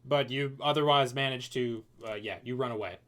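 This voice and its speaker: A man's voice: medium pitch, a little fast, fairly bright tone. Laid-back male game master, rambly, filler-heavy narration. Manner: loose, rambling, lots of fillers.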